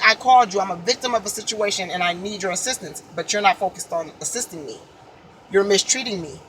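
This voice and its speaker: A woman from Illinois tells a personal story in an earnest, casual way, her pitch climbing as she acts out what was said. Her tone is bright and forward. A faint hum of traffic sits under the recording. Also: rough recording. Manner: earnest, upset, reenacts dialogue with rising pitch. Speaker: vlogger telling a personal story.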